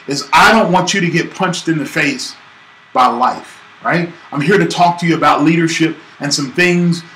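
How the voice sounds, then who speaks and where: A man from Georgia coaches a business audience in an animated way and plays the characters when he tells a story. His bright voice carries a gravelly edge. It sounds like an echoey room with faint background ambience. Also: fairly high pitch, slight background noise. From Georgia, USA. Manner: animated, acts out voices in stories. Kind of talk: casual teaching talk with storytelling.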